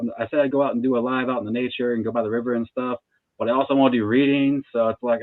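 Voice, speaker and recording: A man's voice: mid-range voice, fairly even intonation, very fast, dry recording. Man in his 30s, tarot reader guest, laid-back casual talk, tinny phone-line sound, dry. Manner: laid-back, laughs between thoughts. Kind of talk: casual interview chat.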